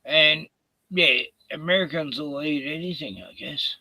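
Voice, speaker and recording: Gravelly, breathless older man. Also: on the high side, pushed and bright, dry recording, low-quality recording. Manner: halting, with many fillers. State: short of breath, coughing. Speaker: show co-host. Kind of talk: casual live-stream chat.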